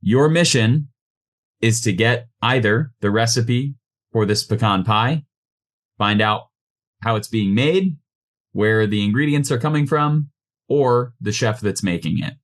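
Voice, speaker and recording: A man narrating a tabletop game as game master, relaxed and loose, with frequent ums. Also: medium pitch, unhurried.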